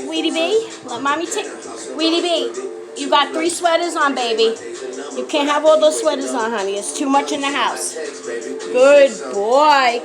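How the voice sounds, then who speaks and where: A woman with a New York accent vlogging her daily routine at home, chatting to viewers and switching into sing-song baby talk with her child. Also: very high-pitched. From New York, the Bronx. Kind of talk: casual home vlog. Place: at home, indoors. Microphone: camera set up on a stand in the room. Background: music playing in the house.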